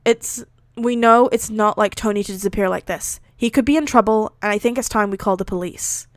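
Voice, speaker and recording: A woman's voice: medium pitch, a little fast, no room sound, studio quality, close to an everyday voice. A woman voicing an earnest young man urging his friends to act.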